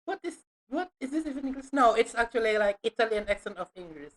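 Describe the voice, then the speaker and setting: A woman's voice: fairly high pitch, lively intonation, fast talker, few pauses, poor audio. A woman streamer chatting casually to her viewers while playing a game, giggly and informal. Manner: chatty, giggly, talks to chat as lads. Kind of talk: casual gameplay commentary.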